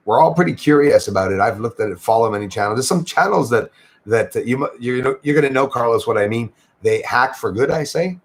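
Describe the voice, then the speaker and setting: A man hosting a livestream, chatting casually and greeting viewers by name as he rambles along. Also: on the low side. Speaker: livestream host. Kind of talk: casual chat reading out viewer comments.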